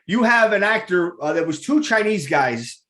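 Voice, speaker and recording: A man's voice: sits high, lively intonation, moderate pace, fairly bright tone. A man hosting a talk show, chatting eagerly with a guest and rambling with repeated words. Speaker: radio show host. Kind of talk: enthusiastic casual interview.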